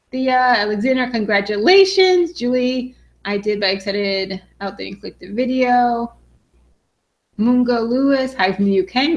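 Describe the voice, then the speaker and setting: A young adult woman from Western Massachusetts, a finance vlogger excitedly reading viewer comments on a casual live stream, with lots of "um"s. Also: mid-range voice. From Western Massachusetts, USA. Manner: bubbly and excited, frequent "um"s.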